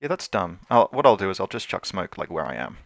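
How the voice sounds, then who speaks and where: Gravelly low-voiced man calling wargame moves. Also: very animated, fast, no echo. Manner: thinks aloud through moves, hedging and self-correcting. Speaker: tabletop wargame player. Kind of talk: casual game commentary. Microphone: remote call.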